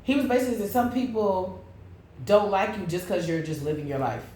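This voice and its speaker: A woman's voice: medium pitch, fairly quick, a little mellow. A woman doing a casual tarot reading, blunt and profane, breaking into sing-song asides. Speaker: tarot reader. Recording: echoey room with faint noise.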